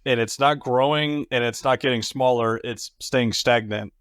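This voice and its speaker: A man's voice: mid-range voice, moderate pace, fairly bright tone, smooth, no echo, studio quality. A man chatting casually as a podcast host, thoughtful and analytical. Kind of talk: casual chat.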